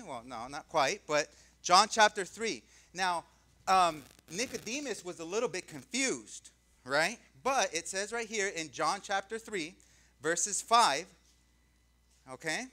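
A man's voice: high voice, lively intonation, slow pace, pushed and bright. A male pastor preaching a conversational sermon, often asking the congregation questions and drawing out key words for emphasis.

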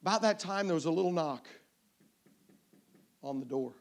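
A man's voice: fairly high pitch, moderate pace. A middle-aged man preaching as an evangelist, telling a family story with acted-out voices. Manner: animated, acts out voices with crying and shouting. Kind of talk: storytelling sermon.

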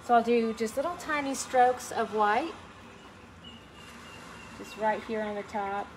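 A woman's voice: a little high, a little slow, noisy background. Chatty woman teaching a painting class. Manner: gentle, chatty, greets viewers by name. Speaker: painting instructor. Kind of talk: live online painting class.

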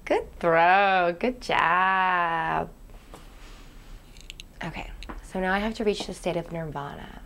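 A Canadian woman in her 20s plays a ditzy, dreamy, naive young aspiring actress in a comedic web series monologue, rambling with "like" fillers and swinging between hushed whispers and excited outbursts. Her voice is on the low side with vocal fry, and there's a little hiss or hum in the background.

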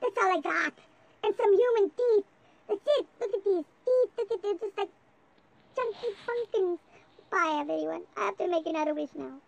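A performer voicing a lovesick little creature who wishes to become human, in a high whiny put-on voice. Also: moderate pace, creaky, dull audio. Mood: sad. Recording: noisy home video recording.

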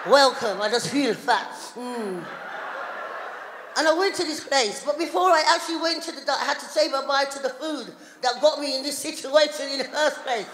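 Middle-aged female stand-up comic with a high voice, animated and loud, recorded live in a hall with a long echo. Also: slight background noise. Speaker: stand-up comedian. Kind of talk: stand-up comedy routine. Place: town hall stage.

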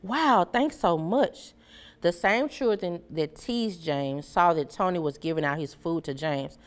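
Woman reading a children's story, lowish voice. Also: moderate pace, clear, resonant tone. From Memphis area, USA. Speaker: storybook reader.

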